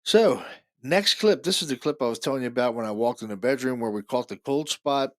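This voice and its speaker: A man's voice: medium pitch, fairly quick, no room sound, clean studio sound. A man hosting a podcast, talking casually and eagerly about recorded evidence, repeating himself often. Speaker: podcast host.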